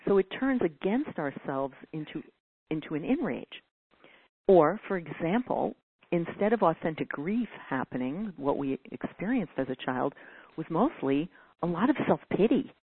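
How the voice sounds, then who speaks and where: A woman's voice: deep voice, very animated, moderate pace, husky, dry recording. A woman giving a teaching talk, answering a caller's question in an earnest way and now and then acting out whiny quoted voices. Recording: dry phone-like audio.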